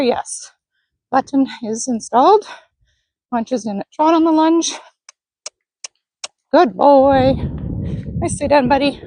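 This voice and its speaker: A woman's voice: high-pitched, no room sound, poor audio. Woman coaching a horse on the lunge. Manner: calm coaching, talking to the horse. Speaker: horse trainer. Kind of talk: narrated lunging session. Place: outdoor arena.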